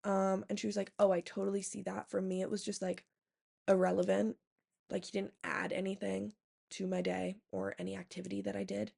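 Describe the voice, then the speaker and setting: A young woman talks straight to camera in a loose, rambling storytime, sprinkling "like" and "um" through every sentence. Her voice sits at an ordinary middle pitch with a noticeable gravelly fry under it, and she swears casually as she goes. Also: flat delivery, brisk, darkish tone. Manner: rambling, heavy use of "like" and "um", profane. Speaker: vlogger.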